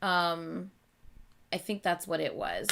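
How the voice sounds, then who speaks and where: A woman's voice: fairly low pitch, slow, creaky, noisy background. A woman hosting a casual live reading at home, chatting and thinking aloud about the story. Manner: animated, chatty, thinking aloud with many okays. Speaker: host reading and reacting. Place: at home at night.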